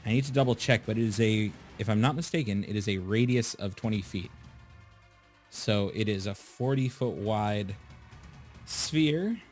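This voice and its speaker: A man narrating a tabletop game as game master, describing the scene slowly and addressing the players. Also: lowish voice, soft background music. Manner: slow, descriptive narration with asides.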